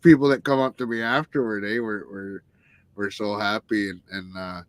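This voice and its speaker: A man's voice: lowish voice, fairly even intonation, moderate pace, no echo. A man, a guest musician, telling stories in a rambling, casual way, often swearing and restarting and tagging lines with "eh". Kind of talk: casual storytelling.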